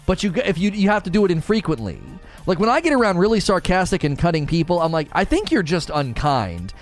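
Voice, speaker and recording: Animated, laughing male streamer. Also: high-pitched, fast talker, faint music behind. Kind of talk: casual live-stream chat.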